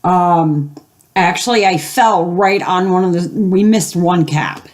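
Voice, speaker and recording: This gaming video host, an older woman, has a lowish, slightly mellow voice and an unhurried delivery. Relaxed at home, she spins a long, rambling tale full of fillers, imitating the voices of everyone she quotes.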